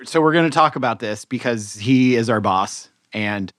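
A man co-hosting a medical podcast, casually explaining research papers and pausing to rephrase as he goes. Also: medium pitch, dry recording, studio quality. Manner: explanatory, relaxed, thinks aloud with restarts. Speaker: podcast co-host physician reviewing papers. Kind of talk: conversational medical journal review.

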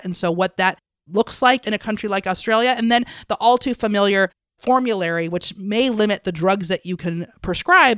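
A woman's voice: mid-range voice, a bit bright, clean tone, no room sound, clean studio sound. Woman summarizing a medical segment. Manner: friendly, explanatory, casual fillers. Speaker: podcast co-host. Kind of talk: conversational medical podcast summary.

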